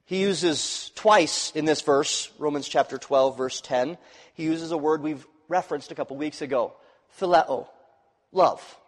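Male pastor, sermon, slightly high voice, big swings in volume, church hall reverb. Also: unhurried. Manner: dynamic preaching, swinging from loud rises to quiet drops. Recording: long reverb of a large hall.

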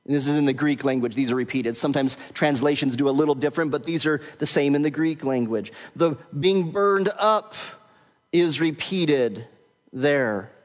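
A man preaching an expository sermon as pastor, measured and emphatic, slowing down to stress key words. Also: fairly high pitch, big-room sound.

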